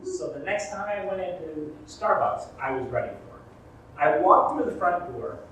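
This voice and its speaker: A man from rural Arkansas telling a comic story live in a theatre, animated and shouting out the lines he quotes. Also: a little high, normal speed, slight background noise. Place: theatre stage. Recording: echoey theatre from far off.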